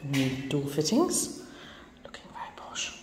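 A woman vlogs her bungalow renovation casually, wryly and self-deprecatingly, sounding a little tired, in a deep, whispered, unhurried voice with wildly swooping pitch. She's indoors in the empty bungalow, where bare rooms create echoey hall reverb and there's background noise.

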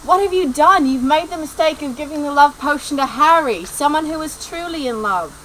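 A woman's voice: high-pitched, lively intonation, moderate pace, a bit bright, slight background noise, low-quality recording. A woman playing a commanding male wizard professor who gives orders. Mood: reproachful. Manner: imperious, issuing orders.

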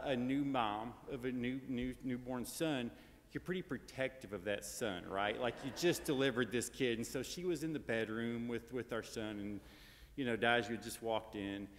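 A grandson giving a casual, anecdotal funeral eulogy in a large church, full of fillers and tag questions. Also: male voice, medium pitch. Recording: long church reverb.

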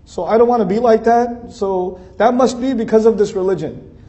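A man's voice: high-pitched, normal speed, warm tone. A man giving a conversational religious lecture, earnest and building his points through emphatic repeated lists. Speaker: speaker giving an Islamic talk.

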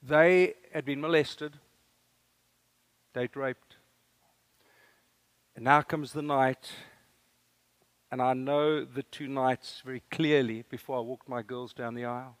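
A man's voice: mid-range voice, steady tone, slow pace, long pauses, dry recording. A man in his fifties with a South African accent, preaching a sermon as a guest speaker in an earnest, storytelling way. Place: church service.

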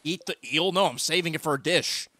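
High bright-voiced playful male streamer. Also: brisk. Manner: playful, bursts into loud teasing shouts. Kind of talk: casual gaming chat.

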